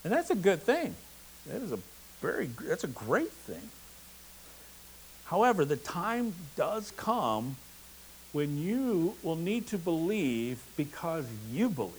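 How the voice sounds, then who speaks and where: A man's voice: on the high side, sing-song, takes it slowly, a little hiss or hum, rough recording. A man preaching a sermon in an earnest, emphatic way, with a touch of humor. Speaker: pastor.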